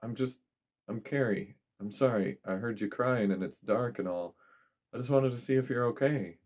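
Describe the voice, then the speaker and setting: An awkward young man stammers and restarts as he apologizes, with a man voicing him in a read-aloud story. His voice is pitched a little above the reader's deep narrating tone. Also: normal speed, a little mellow, lightly acted. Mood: apologetic. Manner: hesitant, stammering.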